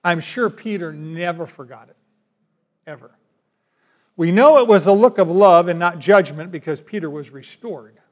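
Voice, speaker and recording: A man's voice: high voice, moderate pace. A man, a pastor, preaching a sermon in a folksy, conversational way.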